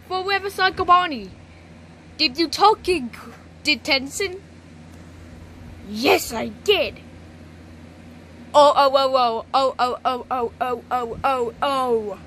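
A woman's voice: sits high, sing-song, extremely slow, long pauses, sharp tone, slight background noise, heavily acted. A synthetic woman's voice speaking for cartoon figures, a stern adult woman in authority who scolds stiffly and repeats herself. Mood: scolding. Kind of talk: text-to-speech cartoon voices.

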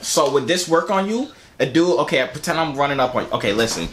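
A man's voice: fairly high pitch, expressive, fast, fairly bright tone. A young man hosting casual video chats with strangers, slangy and teasing. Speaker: host. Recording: echoey, lightly noisy video-chat audio.

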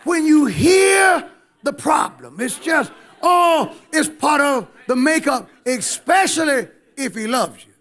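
Male preacher, high-pitched, emphatic, engages the congregation, church sermon. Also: big pitch swings, slow pace, a bit bright, raised voice.

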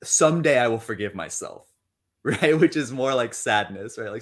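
A young man guest in a casual interview, talking in an animated way, acting out inner voices and swearing casually. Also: mid-range voice, normal speed. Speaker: interview guest, money coach.

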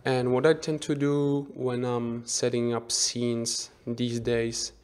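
A man of middle pitch talks slowly and unhurriedly through a screen-recorded software tutorial. He thinks aloud as he works, often restarting a phrase and correcting himself partway through. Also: monotone, smooth. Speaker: 3D visualization instructor.

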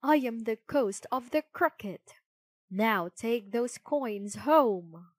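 A woman voicing a stern ghostly cricket from a storybook, speaking in a slow, scolding way. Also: a little high, lively intonation, no room sound.

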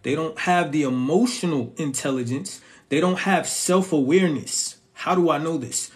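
A man's voice: on the high side, moderate pace. A young man giving casual relationship advice straight to his viewers, emphatic and full of slang asides.

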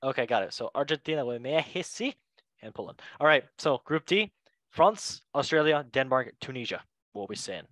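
A man hosting a casual chat, playful and joking with quick asides. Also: medium pitch, sing-song, fairly bright tone, dry recording. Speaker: host.

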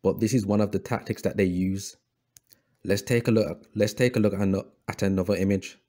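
Deep, dark-voiced man preaching over images. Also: steady tone, a little fast. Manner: preachy, addresses listeners as brothers; repeats words, frequent fillers and restarts. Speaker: history video host.

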